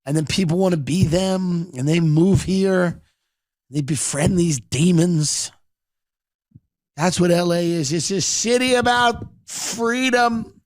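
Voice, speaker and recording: A man hosting a podcast, riffing in a sardonic, rambling comedic monologue with quick asides. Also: sits high, dry recording, clean studio sound. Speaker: podcast host.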